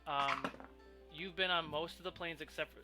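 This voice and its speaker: A man's voice: a little high, fairly even intonation, normal speed, over music. A man narrating as game master of a tabletop role-play, rambling with lots of ums and restarts. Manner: rambling, filler-heavy, self-interrupting.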